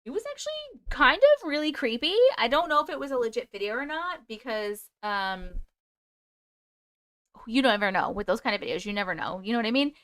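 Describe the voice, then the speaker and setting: A woman's voice: fairly high pitch, big pitch swings, fairly quick, a bit bright. A woman hosting a livestream who reads viewer stories aloud and chats back to comments, now and then singing snatches of songs. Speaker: host reading viewer stories. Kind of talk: casual livestream chat and story reading.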